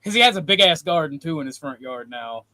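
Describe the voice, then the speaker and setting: A man's voice: on the high side, animated, quick pace, sharp tone, no room sound. A man hosting a talk show, telling a long anecdote in a casual, profane way and laughing as he goes. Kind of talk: casual storytelling chat. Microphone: streaming call mic.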